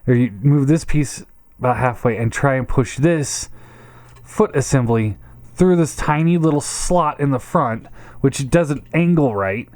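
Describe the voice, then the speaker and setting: A man's voice: medium pitch, unhurried, darkish tone, no echo. A man giving a casual hands-on toy review, frustrated and swearing, often stammering and repeating himself.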